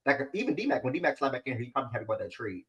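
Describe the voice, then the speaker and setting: A man hosting a sports show who argues quickly, repeats his phrases and needles his co-host. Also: medium pitch, big pitch swings, background noise. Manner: fast, keeps repeating phrases, mocking. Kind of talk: heated sports debate.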